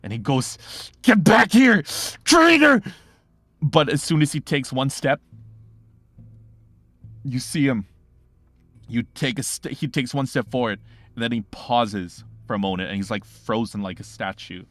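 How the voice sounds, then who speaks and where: A man running an online tabletop game as game master, narrating the scene with drama in a mid-pitched voice. He often stops to search for the right word before pushing on. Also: moderate pace, pauses often, faint music behind.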